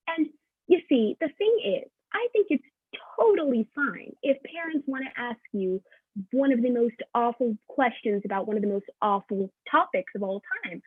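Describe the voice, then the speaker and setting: Teen girl comic, fairly high and husky, sarcastic stand-up; tinny, dry, phone-like audio. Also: no room sound. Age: late teens. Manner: sarcastic, quick jokes. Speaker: student comedian. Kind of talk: stand-up comedy set.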